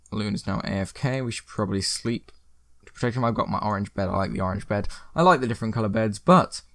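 A young gaming video host chats upbeat over his gameplay, occasionally rambling a bit. His medium-pitched voice comes through clean studio sound with no echo.

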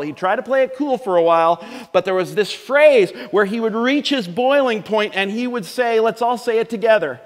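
A middle-aged pastor preaches in a church sanctuary, talking conversationally and joking with the congregation. His voice is high with a fairly bright tone, and long hall reverb fills the recording.

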